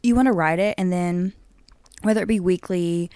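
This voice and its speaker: A young woman co-hosting a podcast, chatting in an upbeat, animated way and laughing often. Her voice sits on the low side, recorded close and dry with no room sound. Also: moderate pace, smooth, dry recording. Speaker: podcast co-host. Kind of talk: casual chat.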